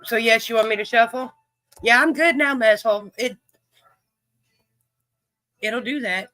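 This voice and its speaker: Coughing and winded, a woman running a live-streamed card game jokes around with her viewers in a folksy, teasing, foul-mouthed way. Her voice is on the high side and a bit bright, with a measured pace. The rough recording has no room sound.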